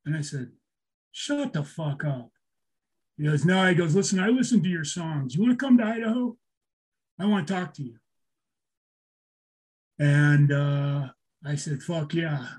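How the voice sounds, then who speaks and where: A man's voice: a little high, expressive, normal speed, pauses often, a little mellow, slightly rough. An older man telling a story in casual talk, swearing a lot, getting emotional and restarting his sentences. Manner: emotional, swears often, repeats himself. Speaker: storyteller guest.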